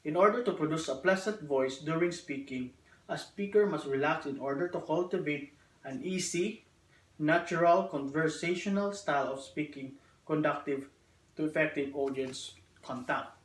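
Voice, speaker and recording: A man giving a classroom presentation to his teacher and classmates, speaking in measured, deliberate phrases. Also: on the high side. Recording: echoey room, distant mic.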